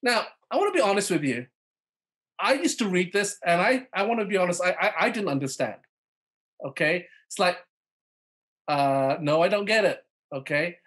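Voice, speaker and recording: A man's voice: sits high, expressive, moderate pace, long pauses, a bit bright. A man preaching a sermon at a live online church service. He checks in with "okay?" and "all right?" after nearly every point, calls on listeners by name and acts out the quoted lines.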